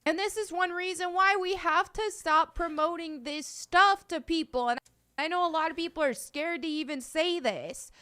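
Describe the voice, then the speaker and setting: A woman delivering a scripted video commentary in a flat, monotone way. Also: very high voice, normal speed. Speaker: online commentator in a clip.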